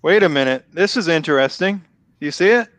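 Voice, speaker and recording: Chatty Boston host with a smooth voice. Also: male voice, on the high side, lively intonation, a little fast, a bit bright, no room sound. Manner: chatty, laughs often, restarts phrases. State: losing his voice. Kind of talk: casual live draft commentary.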